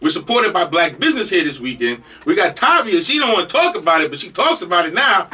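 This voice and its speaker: A man's voice: sits high, very animated, quick pace, pushed and bright, breathy edge, far from the mic. An older man with a New York Jamaican accent, hosting a radio show with a loose, joking, rambling manner while fighting a cold. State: has a cold. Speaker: radio host. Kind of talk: talk radio introduction. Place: radio studio.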